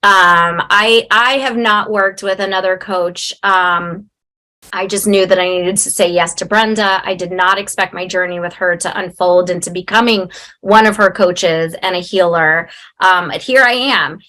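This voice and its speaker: A woman's voice: lowish voice, steady tone, unhurried, sharp tone. A woman and coach moderating a casual video call, affirming the others and laughing easily.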